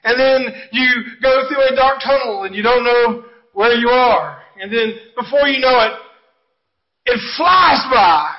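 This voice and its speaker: A man's voice: very high voice, normal speed, dull audio. A middle-aged man preaching a sermon, telling folksy stories and jokes and talking to the congregation. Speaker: pastor. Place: church sanctuary.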